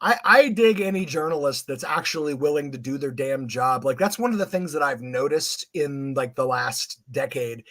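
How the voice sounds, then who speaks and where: A man's voice: mid-range voice, moderate pace, few pauses, a bit bright, dry recording, clean studio sound. A man co-hosting a podcast, sarcastic and mocking in casual political chat.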